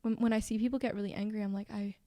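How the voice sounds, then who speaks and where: A woman's voice: medium pitch, fairly even intonation, rapid-fire, warm tone, no room sound. Chatty young woman, dry sound. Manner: candid, chatty, laughs often. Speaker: actress guest. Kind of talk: casual podcast conversation.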